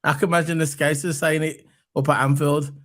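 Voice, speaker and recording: Guy with a higher voice hosting a footy chat, hyped, says everything twice. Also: brisk. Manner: animated, repeats his points for emphasis. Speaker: football podcast host. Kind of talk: casual fan chat.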